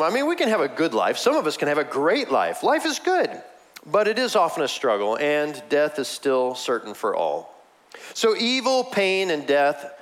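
Preaching from the pulpit, this animated man alternates between loud, emphatic high points and soft, low passages. He keeps it chatty, slipping in side remarks and little laughs.

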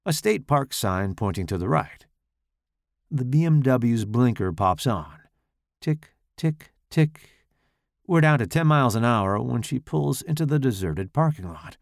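A man reading his own first-person horror story aloud in a slow, dramatic, expressive way. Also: mid-range voice, vocal fry, no room sound, studio quality.

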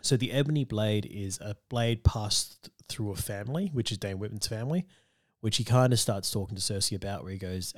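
A man's voice: on the low side, a little fast, no echo, clean studio sound. A man co-hosting a casual podcast, laughing often as he explains comic-book lore at length. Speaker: podcast co-host. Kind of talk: casual film discussion.

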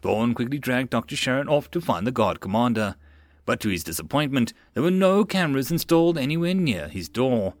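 A man narrating a web-novel audiobook in an expressive reading voice. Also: medium pitch, brisk, no room sound.

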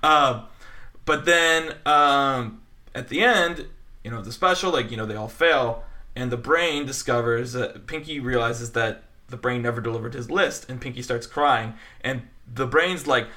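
A man co-hosting a casual podcast, talking with animated enthusiasm and lots of fillers. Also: mid-range voice, unhurried. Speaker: podcast co-host. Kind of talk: casual film podcast chat.

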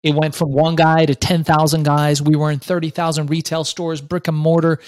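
A man in his fifties, an author and guest, telling his story in an animated, profane way. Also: on the high side, moderate pace, no echo. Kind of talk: storytelling interview.

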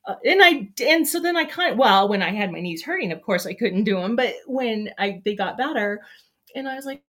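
A woman's voice: on the high side, expressive, normal speed, fairly bright tone. Rambling upbeat woman hosting a show. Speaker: livestream show host. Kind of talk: casual chat.

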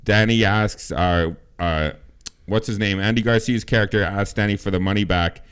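A man's voice: lowish voice, moderate pace, a bit bright, smooth. A man co-hosting a casual film podcast, talking emphatically, swearing often and repeating himself. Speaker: podcast co-host.

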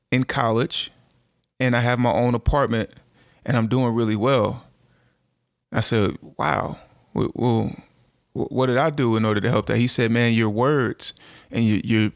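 A man in his thirties from the United States, hosting his own show and speaking earnestly in a halting, reflective monologue with frequent restarts. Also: medium pitch, gravelly, dry recording, studio quality. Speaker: motivational speaker and show host.

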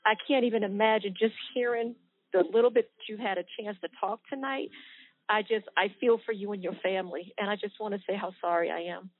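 A woman's voice: medium pitch, fairly even intonation, brisk, no room sound. A woman calls in to a radio talk show and speaks in a sympathetic, apologetic way. Her voice comes through a dry, thin phone line.

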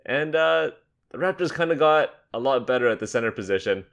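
A young man hosting a casual sports podcast, upbeat and joking, quick to laugh. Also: medium pitch, animated, vocal fry, a bit bright. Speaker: podcast host. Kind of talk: casual basketball podcast chat.

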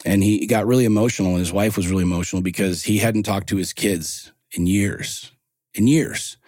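A man in his forties talks bluntly and swears freely as a podcast guest, building his stories with rising passion. His voice sits fairly low, and the recording is dry and close, with almost no room sound. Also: fairly even intonation, brisk, a little mellow, no room sound. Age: 40s. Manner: blunt, profane, impassioned storytelling. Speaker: podcast guest, men's coach. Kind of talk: casual interview talk.

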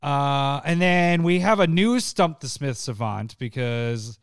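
A man's voice: medium pitch, lively intonation, takes it slowly, clean tone, no echo, studio quality. A man co-hosting a podcast in casual chat, joking and laughing often. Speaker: podcast co-host.

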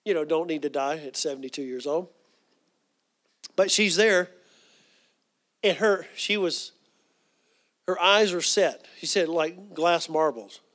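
A man's voice: fairly high pitch, a little slow, pauses often, fairly bright tone. A man preaching a sermon, telling stories earnestly with frequent fillers.

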